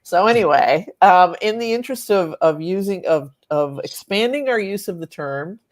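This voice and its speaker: A woman's voice: lowish voice, lively intonation, moderate pace. A woman journalist speaks bluntly on a casual panel, laughing often as she makes her point.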